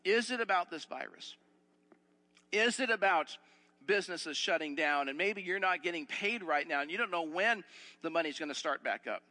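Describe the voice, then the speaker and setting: Earnest bright-voiced male pastor preaching. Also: sits high, expressive, normal speed, long reverb tail. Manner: earnest, repeats and restarts phrases, asks the listeners questions. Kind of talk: sermon.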